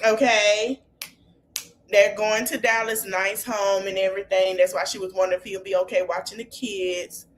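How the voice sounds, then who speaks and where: A woman's voice: medium pitch, little pitch movement, normal speed. A woman hosting a podcast, retelling reality-show scenes in a chatty, gossipy way. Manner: chatty gossipy retelling with African American Vernacular English. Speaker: podcast host. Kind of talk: casual reality-TV recap.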